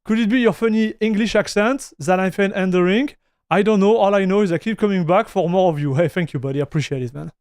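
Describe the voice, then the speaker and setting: A man's voice: sits high, fast, a little mellow, clean tone, dry recording, studio quality. A man streaming live, chatting casually, greeting viewers and reading their chat messages aloud, often restarting his sentences. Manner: frequent restarts and fillers.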